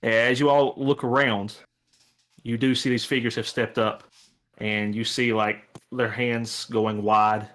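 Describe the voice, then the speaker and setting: A man runs a tabletop game, narrating scenes at an easy, rambling pace and sprinkling his lines with "like" and "kinda." His voice sits at a middling pitch. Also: a little slow. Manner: relaxed, rambling description with fillers. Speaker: game master.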